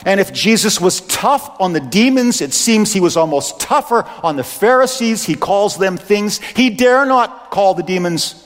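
High-voiced impassioned male preacher. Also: expressive, moderate pace, hardly any pauses. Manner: impassioned, reads scripture aloud. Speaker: pastor. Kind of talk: sermon. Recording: echoey hall reverb.

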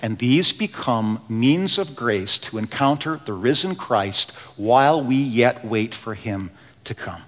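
A man preaching a sermon in a church, telling stories earnestly, dropping to a hush and then building with emphasis. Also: mid-range voice, lively intonation, measured pace. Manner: earnest storytelling preacher, swings between hushed and rising emphasis. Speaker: pastor. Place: church sanctuary. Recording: long reverb of a large hall.

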